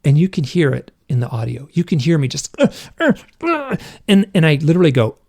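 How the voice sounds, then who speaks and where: A middle-aged man, a podcast guest, tells a personal story in a halting, intense way, with many restarts. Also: fairly high pitch, creaky, mellow, husky.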